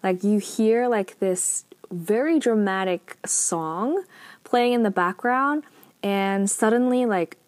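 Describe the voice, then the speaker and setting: Woman, casual recap, filler-heavy, mid pitch, dry. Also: takes it slowly, dry recording. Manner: chatty, many fillers like "like". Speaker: recapper of a drama episode.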